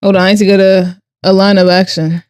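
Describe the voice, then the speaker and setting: A woman's voice: medium pitch, level tone, brisk, a little mellow, clear, resonant tone, no room sound, studio quality. A woman art streamer who chats casually while she draws. She reads her chat aloud, answers with playful sarcasm and laughs often.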